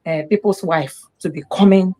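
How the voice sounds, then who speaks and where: Animated Nigerian woman telling a story. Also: fairly low pitch, moderate pace. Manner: animated, acts out the quoted voices of others. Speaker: guest on a live discussion program. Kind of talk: personal storytelling in a live talk.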